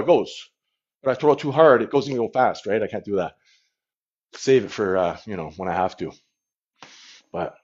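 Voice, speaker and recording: A man's voice: medium pitch, darkish tone. A man in a comedic livestream, rambling and boasting to his viewers, talking into a phone held at arm's length. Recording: dull lo-fi phone stream.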